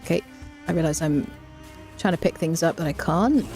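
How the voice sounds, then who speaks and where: Woman, game streamer; nervous, jokey commentary over quiet game music. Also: low-pitched, moderate pace, pauses often. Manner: jittery, jokey, often shrieking in fright. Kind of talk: live gameplay commentary.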